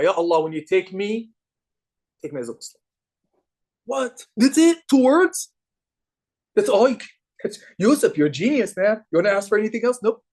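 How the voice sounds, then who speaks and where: Animated young man teaching a halaqa. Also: high-pitched. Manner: animated, asks the audience questions and repeats phrases for emphasis. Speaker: religious teacher. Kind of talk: halaqa lecture to a live group.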